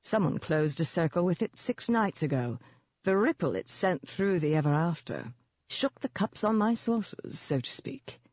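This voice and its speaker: A cultured demon in gentleman's dress, all silky congeniality and slow menace, done by an audiobook narrator. The delivery is unhurried and taunting. The recording is dry and a little dull. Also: medium pitch, animated, no echo, close to an everyday voice. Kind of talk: audiobook character voice.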